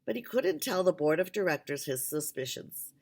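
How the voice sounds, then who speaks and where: Low-voiced woman reading a novel aloud. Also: big pitch swings, moderate pace, creaky, a little mellow. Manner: unpolished, with restarts and asides. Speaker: audiobook reader.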